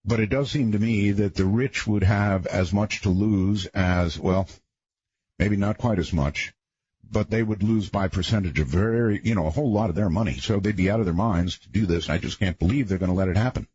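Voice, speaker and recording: A radio talk show host, a man with a husky voice, talking in a rambling, conversational late-night monologue with folksy asides. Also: lowish voice, normal speed, darkish tone, muffled recording.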